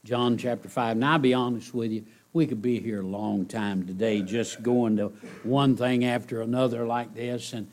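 A man preaching a sermon to a congregation, repeating his key phrases and swinging between loud outbursts and hushed lines. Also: mid-range voice, fairly even intonation, normal speed, hardly any pauses. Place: church service.

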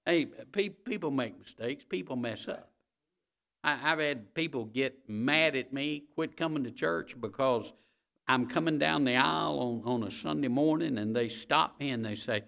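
Bright-voiced emphatic male preacher. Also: normal speed, creaky. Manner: emphatic, repeats key phrases, swings between loud and low; folksy, addresses the congregation directly. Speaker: pastor. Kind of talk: sermon.

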